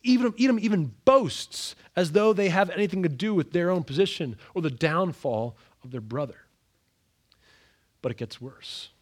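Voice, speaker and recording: A man preaching an expository sermon, dramatic and animated, acting out the scripture with sudden raised outbursts. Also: high-pitched, normal speed.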